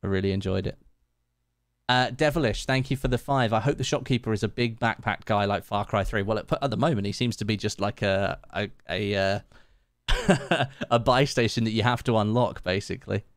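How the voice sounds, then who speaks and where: A man with a lowish voice reads out his viewers' names and thanks each of them in a loose, chatty live-stream manner, laughing easily as he goes. The sound is dry and close, with little room echo. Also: brisk. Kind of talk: casual live-stream chat while gaming.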